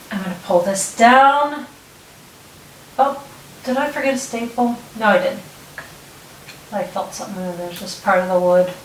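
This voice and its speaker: A middle-aged woman hosts a relaxed hands-on tutorial, chatting as she works and often pausing to check in. Her voice sounds set back from the mic in a roomy space. A faint hiss sits under it. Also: mid-range voice, recorded from a distance. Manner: chatty, talks while working, frequent restarts and "okay?" check-ins. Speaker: DIY tutorial host. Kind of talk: casual step-by-step demonstration.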